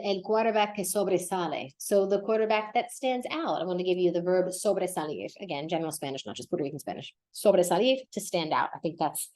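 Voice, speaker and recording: A young woman hosting a casual podcast lesson, chatty and lively, often laughing and correcting herself as she explains vocabulary. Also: on the low side. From United States. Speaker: Spanish teacher and podcast host.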